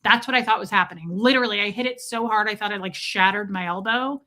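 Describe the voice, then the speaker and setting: A woman in her forties hosting a casual livestream, telling stories in an animated way and reading viewer comments aloud. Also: mid-range voice, quick pace. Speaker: livestream host.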